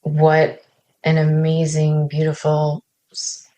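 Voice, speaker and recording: A woman's voice: deep voice, monotone, slow, dark tone. A woman in a podcast conversation, talking reflectively and often checking in with a "right?" as she thinks aloud.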